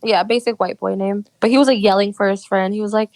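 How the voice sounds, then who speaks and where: A young woman co-hosting a podcast in expressive casual chat. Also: medium pitch, fast talker. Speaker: podcast co-host.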